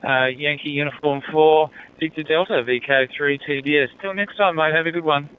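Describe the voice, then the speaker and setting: A man's voice: on the high side, steady tone, moderate pace, clear, resonant tone. An Australian man chatting casually over a handheld radio in his car while driving home, friendly and easygoing. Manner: friendly, easygoing, says mate often. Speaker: amateur radio operator. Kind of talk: casual radio contact chat. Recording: narrow-band two-way radio audio.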